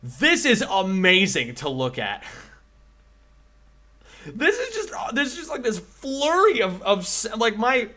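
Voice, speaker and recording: Man, game streamer, excitable, rambling, bright lively high voice. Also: slow pace, long pauses. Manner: excitable, rambling, laughing often. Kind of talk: live gameplay commentary.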